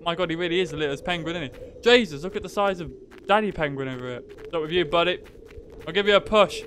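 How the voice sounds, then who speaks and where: A man giving casual, joking gameplay commentary, excitable and swearing freely. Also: sits high, a little fast, a little hiss or hum. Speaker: gaming youtuber.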